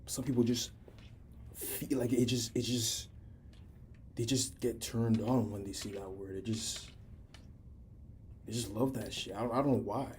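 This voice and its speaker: A man's voice: lowish voice, fairly even intonation, unhurried, long pauses, darkish tone, slight background noise. A teenage guy in casual chat, talking candidly and rambling with frequent restarts. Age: teens.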